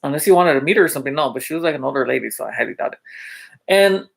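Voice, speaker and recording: A male teacher casually telling funny school stories to his viewers, chatty, with lots of fillers and quick check-ins, often laughing as he goes. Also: on the high side, animated, gravelly. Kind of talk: casual storytelling vlog.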